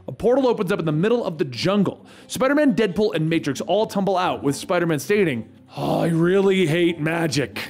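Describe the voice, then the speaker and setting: A man narrating a comic book story recap with brisk, animated storytelling. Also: high-pitched.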